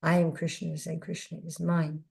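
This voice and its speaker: A woman giving a devotional lecture in a measured, reflective way, often restarting her sentences as she talks. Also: deep voice, flat delivery, vocal fry, darkish tone. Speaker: guest speaker giving a scripture class.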